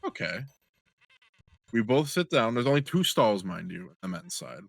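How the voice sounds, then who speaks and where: A young man co-hosting a podcast, telling a long crude anecdote in an animated, joking way. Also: mid-range voice, normal speed, gravelly, dry recording. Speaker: podcast co-host. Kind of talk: casual storytelling chat.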